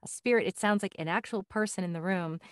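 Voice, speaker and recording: A woman's voice: medium pitch, fast talker, clean tone, no room sound. Enthusiastic woman host, dry sound. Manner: enthusiastic, animated storytelling. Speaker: podcast host. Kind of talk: casual interview chat.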